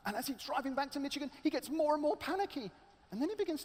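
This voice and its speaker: A man preaching a sermon as a dramatic, animated storyteller. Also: very high-pitched, fast. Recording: echoey large hall.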